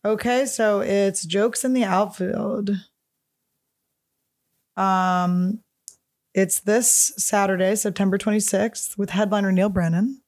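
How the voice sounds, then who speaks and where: A woman comedian hosts a casual solo podcast, rambling stream-of-consciousness, swearing freely, and jumping between topics. Her medium-pitched voice has a darkish tone and fairly even intonation, and she takes it slowly with frequent pauses.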